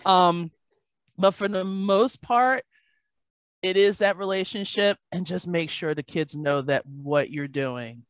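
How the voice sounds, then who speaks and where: Animated woman storyteller, dry sound. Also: lowish voice, slow pace, clear, resonant tone, no echo. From Baltimore, Maryland. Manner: animated storyteller, acts out parents and kids. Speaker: math tutor guest. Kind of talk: podcast conversation.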